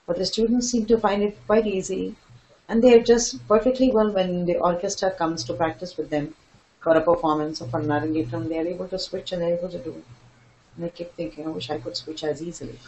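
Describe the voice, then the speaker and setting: Older woman guest, expressive raconteur who mimics people. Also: fairly low pitch, brisk, a little hiss or hum, low-quality recording. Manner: animated, laughing, acts out quoted voices. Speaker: dance teacher and guest. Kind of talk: storytelling interview answers.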